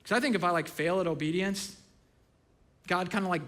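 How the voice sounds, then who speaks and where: A man in his thirties delivers a sermon in a casual, storytelling manner, his voice sitting a little higher than most men's. He swings from loud, excited bursts down to quiet, hushed asides. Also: quick pace. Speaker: pastor.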